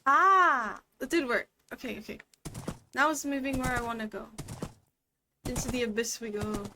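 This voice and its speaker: A woman's voice: fairly high pitch, steady tone, moderate pace, noisy background. A woman giving a playful, chatty language lesson while streaming a game. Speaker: VTuber language teacher.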